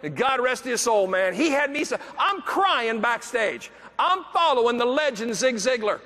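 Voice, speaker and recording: A man giving a motivational keynote, telling a story with animated delivery, acting out the voices of people he quotes and breaking into shouts. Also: very high-pitched, normal speed. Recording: echoey hall, faint background noise.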